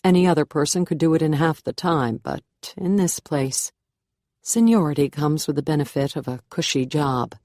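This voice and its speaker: A woman narrating a first-person thriller audiobook in a measured, wry manner on a close mic. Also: sits low, a little mellow, no room sound.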